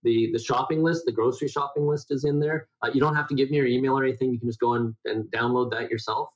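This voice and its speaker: A man's voice: steady tone, fast, rough recording. A middle-aged man with a nasal voice, a guest explaining diet in a conversational interview, rambling with many restarts and fillers. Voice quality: self-described high nasal voice. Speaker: guest health educator.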